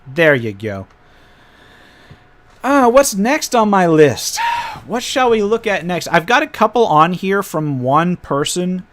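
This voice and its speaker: A man's voice: fairly high pitch, a bit bright. Man rambling through game PDFs on stream. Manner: thinking aloud while paging through files, with frequent wry asides. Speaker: host reviewing tabletop game PDFs. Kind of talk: casual live-stream commentary.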